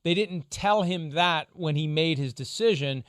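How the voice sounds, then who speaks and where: A man hosting a sports talk show, explaining legal angles in a measured, lawyerly way. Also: a little high, a bit bright, smooth, no echo, studio quality. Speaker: show host, legal analyst.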